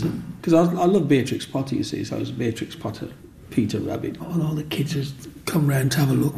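A man tells stories from his childhood in a rambling, repetitive way. His voice is gravelly and dark, mid-pitched, and he keeps coming back to "you know what I mean.". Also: brisk. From English Black Country. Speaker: interviewee. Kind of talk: reminiscing storytelling.

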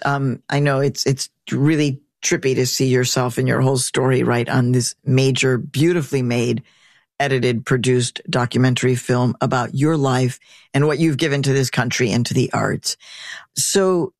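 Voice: medium pitch, darkish tone, no room sound, studio quality. An interviewer asking questions in an enthusiastic, effusive way.

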